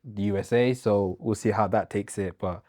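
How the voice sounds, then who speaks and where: Mellow low-voiced man, easygoing chat. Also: fairly even intonation, moderate pace. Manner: easygoing, lots of yeahs and restarts. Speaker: co-host. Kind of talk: casual chat.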